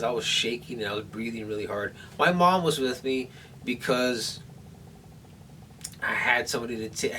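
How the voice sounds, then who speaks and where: Sore and in pain after surgery, a man vlogs from home in a medium-pitched voice that sounds pushed and bright. He nervously rambles through a story to the camera, restarting again and again, picked up by a distant camera mic with faint room noise.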